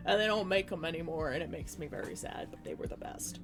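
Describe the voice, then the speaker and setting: Young canadian woman rambling on stream, kinda low voice, soft music in the back. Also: fast, gravelly. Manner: chatty, rambling, frequent laughs and restarts. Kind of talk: casual chat with stream chat.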